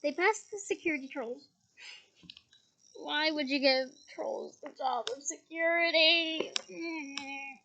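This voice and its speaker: A woman's voice: sits high, takes it slowly, pushed and bright, slight background noise. A woman reading a novel aloud, breaking off now and then with chatty asides. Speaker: audiobook reader.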